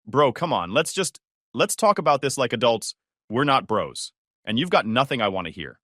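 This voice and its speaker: A man's voice: mid-range voice, very animated, moderate pace, sharp tone, no echo. A man voicing a smug, aggressive younger brother in a dry, close recording.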